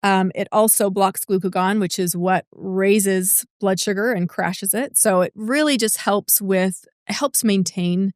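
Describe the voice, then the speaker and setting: A woman's voice: medium pitch, a little slow, hardly any pauses, no echo, studio quality. A woman nurse practitioner co-hosting a health podcast, explaining in a casual chatty way with frequent fillers. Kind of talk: casual medical podcast chat.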